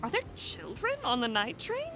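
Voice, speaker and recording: A woman's voice: high voice, huge pitch swings, normal speed, background noise. A woman playing an inquisitive, effusive, genteel lady with a theatrical manner in an audio drama.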